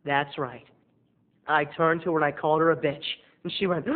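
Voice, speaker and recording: A man's voice: a little high, fairly even intonation, brisk. A man telling a dramatic, gossipy story to the camera as a video blogger. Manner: theatrical, gossipy, punchy delivery. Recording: tinny phone-like lo-fi audio.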